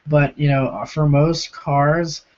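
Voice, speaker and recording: Reading viewer comments aloud and answering them in a chatty way, a young man hosts a casual live-stream Q&A despite a hoarse, sore, rough throat. He speaks slowly and flatly in a slightly high, darkish voice over lo-fi stream audio.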